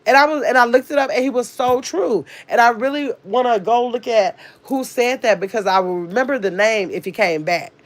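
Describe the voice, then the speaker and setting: A woman's voice: on the high side, fairly quick, hardly any pauses. Chatty woman with a nasal voice. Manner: rambling, chatty storytelling with restarts. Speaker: live streamer. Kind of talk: casual chat to a livestream audience.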